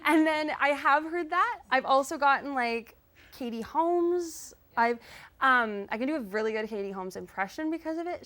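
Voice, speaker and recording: A woman's voice: high-pitched, animated, normal speed, fairly bright tone. A young woman from Canada, a singer and guest on a live talk show, chatting in a bubbly way with frequent laughs and fillers.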